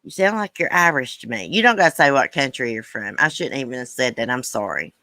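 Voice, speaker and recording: A woman's voice: a bass voice, animated, fairly quick, pushed and bright, dry recording. An older woman with a thick Southern country accent, chatting casually on a livestream and reading viewer comments aloud. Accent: American Southern. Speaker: livestream host.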